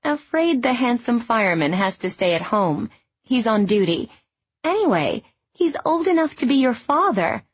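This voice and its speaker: A woman reading aloud, voicing a frank, headstrong young woman dancer in a lifted, lively voice. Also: fairly high pitch, moderate pace, breathy edge, lo-fi sound, pitched above the performer's own voice.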